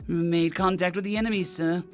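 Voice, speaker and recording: A man's voice: high voice, steady tone, a little fast, faint music behind, voice pushed up, lightly acted. A man voicing a nervous alien male ensign who stutters and repeats his words in a storybook reading. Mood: nervous, stammering.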